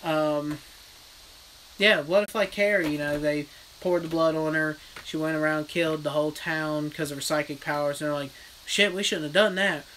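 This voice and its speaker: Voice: mid-range voice, normal speed, a little hiss or hum, low-quality recording. A horror vlogger in a casual livestream rant, retelling a film bluntly with lots of swearing. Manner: blunt, profane, animated storytelling. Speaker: horror vlogger reading live chat.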